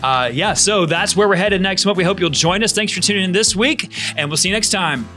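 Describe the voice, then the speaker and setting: A man hosting a casual church podcast who talks haltingly, with lots of fillers and restarts. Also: sits high, sharp tone, faint music behind. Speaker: podcast host.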